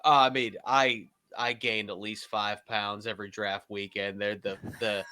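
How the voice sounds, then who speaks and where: A man on a casual podcast, animatedly telling stories with laughter and quick impressions. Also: fairly low pitch, flat delivery, pushed and bright, a little hiss or hum. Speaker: podcast co-host, former team staffer.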